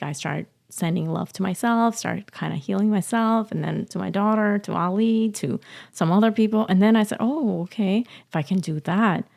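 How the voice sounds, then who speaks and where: A woman telling a personal story as a podcast guest, emotional and halting, often laughing. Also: fairly low pitch, creaky. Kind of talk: casual interview storytelling.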